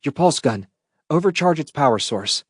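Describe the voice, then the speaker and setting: A man's voice: fairly high pitch, lively intonation, moderate pace, slightly rough, dry recording, voice pushed up. A tense, urgent woman caught aboard a failing starship, as a male audiobook reader puts her on, her lines raised and clipped. The voice sits dry and close, with no room around it. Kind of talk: audiobook character voice.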